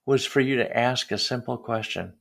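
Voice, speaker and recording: A man hosts a podcast in a relaxed, encouraging tone. He talks straight to the listeners in a casual, conversational way. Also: medium pitch, moderate pace, vocal fry, a crowd in the background. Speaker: podcast host. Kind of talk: casual interview chat.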